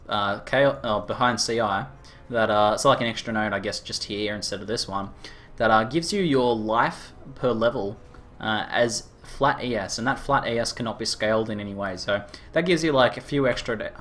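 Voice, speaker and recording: A man with an Australian accent chatting casually with viewers during a live game stream, rambling with lots of fillers and quick laughs. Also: lowish voice, fairly bright tone. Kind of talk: casual live-stream chat while gaming.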